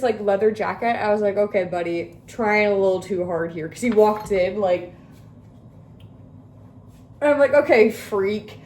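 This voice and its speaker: A woman's voice: medium pitch, darkish tone, slight background noise, rough recording. A young woman in her twenties telling a rambling story in casual chat while cooking at home, full of filler words and swearing. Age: young adult. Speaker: vlogger. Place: home kitchen.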